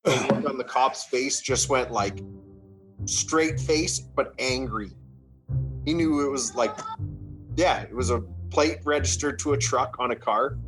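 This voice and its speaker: A young man from Canada telling a wild story in casual podcast chat, swearing freely and acting out the shouting. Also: mid-range voice. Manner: animated, swearing, acts out shouts.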